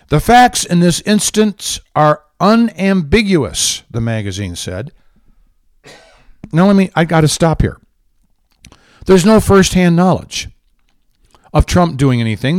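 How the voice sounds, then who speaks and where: A man's voice: medium pitch, a little mellow, no room sound. A man hosting a political talk show, ranting with heated, indignant sarcasm. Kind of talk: angry political commentary.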